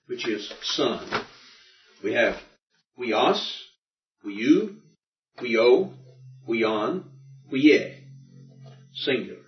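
A man's voice: medium pitch, recorded from a distance. A man teaching a Greek grammar class, patiently explaining and checking that his students follow. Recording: dull roomy recording from afar.

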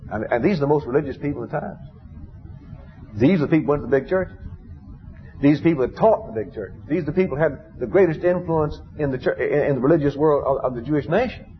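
A man preaching a sermon in an easy storytelling way, now and then bursting out with emphasis. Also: medium pitch. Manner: conversational storytelling, rising to emphatic outbursts. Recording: dull lo-fi recording with faint background noise.

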